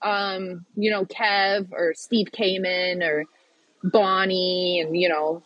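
A woman's voice: on the low side, little pitch movement, takes it slowly, dry recording, dull audio. A woman guest on a podcast, chatting casually and animatedly, often laughing. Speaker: podcast guest, pickleball player. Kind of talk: casual chat.

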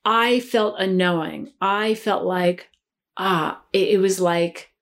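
A woman guest telling a story in conversation, lively and acting out the dialogue she quotes. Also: mid-range voice, slow.

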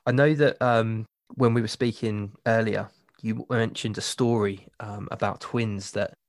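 A man hosts a podcast in a relaxed, hesitant way with plenty of fillers, and he laughs easily. His voice sits a little low and is recorded dry and close. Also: a little slow, dry recording. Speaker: podcast host. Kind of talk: casual interview chat.

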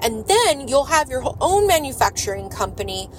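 A woman voicing an ambitious male business executive who eagerly piles on plans and pitches them persuasively. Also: very animated, moderate pace, slight background noise, low-quality recording.

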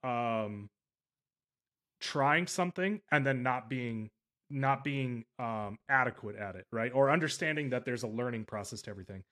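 A male podcast host talking in a loose, conversational way. He rambles and stresses his points, often stopping to rephrase mid-sentence. His voice sits in an ordinary middle pitch. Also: animated, moderate pace, a bit bright. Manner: rambling and emphatic, with frequent self-corrections. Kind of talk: casual interview chat.

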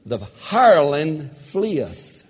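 A man preaching a sermon as pastor, slow and emphatic with dramatic pauses and rising emphasis. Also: on the high side, very animated, slightly rough. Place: church sanctuary. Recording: echoey church hall.

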